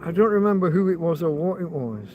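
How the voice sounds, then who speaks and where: A man's voice: fairly high pitch, lively intonation, fast, phone-quality sound, a little hiss or hum. A man hosting a loose livestream chat with viewers from outdoors in a field, talking in a rambling, wry, self-mocking way with frequent restarts. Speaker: livestream host. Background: passing motorbike.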